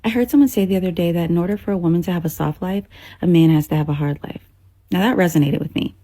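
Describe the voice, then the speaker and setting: A woman's voice: on the low side, quick pace, dark tone, dry recording. A woman delivering a preachy, emphatic opinion monologue to camera.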